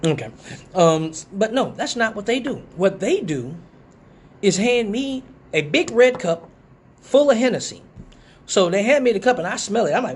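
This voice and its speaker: A man's voice: moderate pace, slightly rough. A man telling a profane story on a live stream, acting out quotes. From Detroit. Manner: animated, profane, acts out quotes in a higher voice. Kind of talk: casual storytelling.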